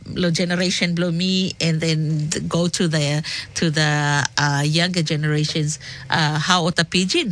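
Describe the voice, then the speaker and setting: Radio presenter, woman, Solomon Islands accent, low-pitched, halting and full of fillers. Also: fairly bright tone. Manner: halting, code-switching, many fillers. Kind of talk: casual on-air explanation.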